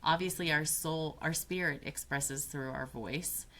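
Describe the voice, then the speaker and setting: A woman guest on a coaching podcast, talking in a reflective way and often pausing to find her words. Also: sits low, a bit bright, a little hiss or hum. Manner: thoughtful, searching for words, restarts mid-phrase.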